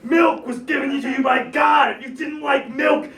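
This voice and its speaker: A man in his thirties doing a stand-up comedy set, ranting and shouting in bursts with a laugh in his voice and plenty of swearing. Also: very high-pitched, fairly even intonation, normal speed, creaky, roomy sound, distant mic, a faint crowd. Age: 30s.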